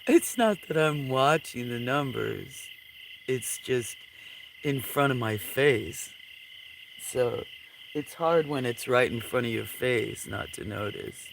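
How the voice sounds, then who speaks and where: Sleepy guy on a late night stream, super slow, gravelly, crickets and frogs all around outside. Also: mid-range voice, rough recording. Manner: sleepy, yawning, slow and relaxed. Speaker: livestream host. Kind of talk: late-night casual chat with viewers. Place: outdoors at night by a creek. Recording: outdoor night ambience with insect noise. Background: crickets, frogs and insects.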